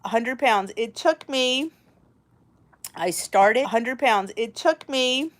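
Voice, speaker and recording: A woman's voice: fairly high pitch, expressive, slow. A woman in her forties hosting a casual chat, talking in a rambling, candid way. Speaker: host.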